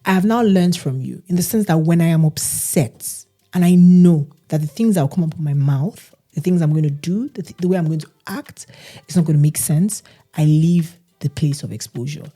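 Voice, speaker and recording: Woman with a low, mellow voice. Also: normal speed, soft background music. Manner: animated storytelling, mimics others' voices. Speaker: podcast co-host. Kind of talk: casual chat.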